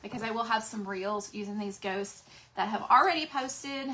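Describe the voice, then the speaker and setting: A woman's voice: medium pitch, normal speed, pushed and bright, a little hiss or hum. A woman with a Texas accent hosting a casual craft livestream from her craft room, chatting with viewers and greeting them by name.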